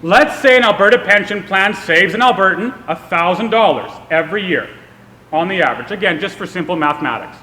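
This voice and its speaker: A man's voice: high voice, animated, a little fast, bright, forceful tone. A young man from Canada giving a public speech, telling a humorous, self-deprecating story. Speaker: speaker. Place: event hall. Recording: echoey hall with long reverb.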